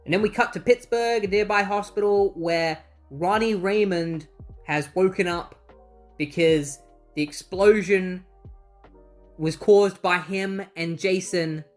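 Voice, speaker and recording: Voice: medium pitch, takes it slowly, soft background music. A comic book reviewer recapping issues in casual chat, with exasperated asides.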